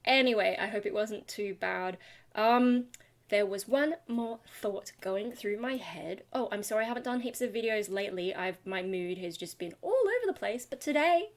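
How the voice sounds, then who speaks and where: A woman's voice: mid-range voice, lively intonation, normal speed. A tired young woman, a singer and channel host, rambling casually and self-deprecatingly about vocal technique into a webcam. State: tired from lack of sleep. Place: home, talking to a webcam.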